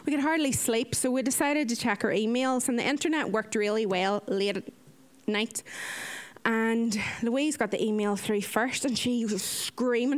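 A young woman giving an earnest personal faith testimony as a mission volunteer, telling her story with animation. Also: normal speed. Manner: earnest, animated storytelling, acts out quotes in a higher voice.

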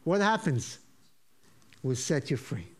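A man from Israel, preaching his testimony in an animated way and acting out the voices in his story. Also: on the high side, a little slow. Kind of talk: sermon testimony.

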